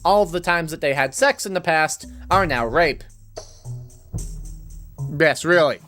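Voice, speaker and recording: A man's voice: a little high, a little slow, pushed and bright, soft background music. A man reading scripted video narration, breaking in with sarcastic, mocking asides.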